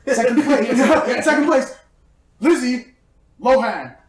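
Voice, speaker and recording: A young man casually telling a long, animated story to friends on a podcast, laughing often and acting out the people he quotes. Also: very high-pitched, takes it slowly, crowd noise. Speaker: podcast co-host. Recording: roomy echo, mic at a distance.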